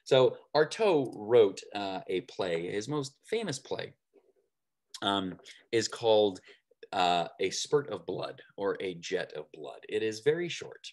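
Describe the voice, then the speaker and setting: A man lecturing on theater in a conversational way, often checking in with "right?" and pausing on fillers. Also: lowish voice, very animated, a little mellow.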